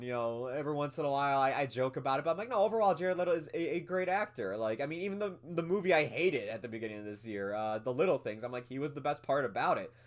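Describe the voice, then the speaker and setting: With a slightly high, somewhat bright voice, a male co-host of a movie podcast rambles through a casual review chat. He laughs often and fills his speech with fillers.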